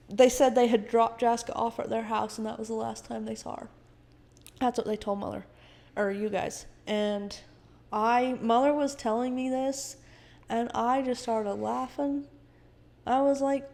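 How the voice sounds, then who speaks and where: A young woman, a podcast guest, telling a personal story in a casual, animated way, often quoting others and swearing. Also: on the high side, measured pace, creaky.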